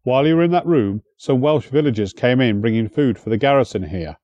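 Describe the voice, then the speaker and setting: Gruff loyal warrior, voiced by a man, low-key, dark warm timbre, dry close sound. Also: expressive, fairly quick, no echo, muffled recording, lightly acted. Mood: urgent.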